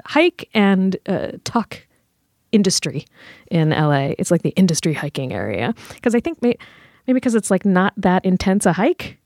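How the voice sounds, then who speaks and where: A woman's voice: medium pitch, a little mellow, dry recording, studio quality. Chatty woman with a rambling, filler-filled story. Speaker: podcast co-host. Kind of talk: casual chat.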